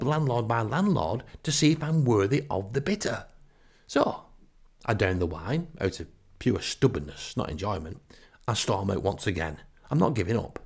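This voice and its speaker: Wry middle-aged Northern English man. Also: mid-range voice. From Northern England. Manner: wry, exasperated, deadpan grumbling. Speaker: podcast storyteller. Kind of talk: comic first-person storytelling.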